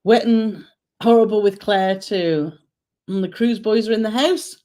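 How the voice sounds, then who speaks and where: A woman's voice: medium pitch, a little slow. A woman co-hosting a casual travel live stream, chatting and reading out viewer comments with frequent tag questions. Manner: chatty, warm greetings, trailing "aren't we?" tags. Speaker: co-host of a travel channel live Q&A.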